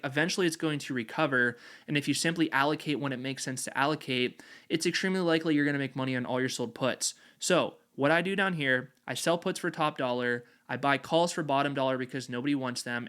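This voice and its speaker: A man at a middling pitch talks through a market chart. He sounds confident and drives his points home by repeating the same phrasing, like an investing channel host explaining his strategy. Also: fairly bright tone. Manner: confident, repetitive emphatic phrasing.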